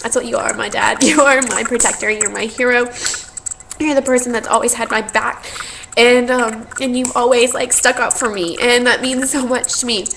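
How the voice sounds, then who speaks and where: A woman's voice: fairly high pitch, fairly even intonation, moderate pace, vocal fry, noisy background. A young woman, talking in a heartfelt, rambling way and teary as she thanks family and friends in a vlog. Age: young adult. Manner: heartfelt, rambling, tearful with laughs. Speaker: vlogger. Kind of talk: emotional thank-you vlog.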